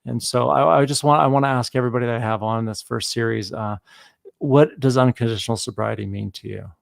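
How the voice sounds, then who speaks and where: Gravelly enthusiastic man hosting podcast. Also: medium pitch, fairly even intonation, no room sound, clean studio sound. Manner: enthusiastic, halting, with fillers. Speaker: podcast host. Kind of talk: casual conversation. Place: works in Canada.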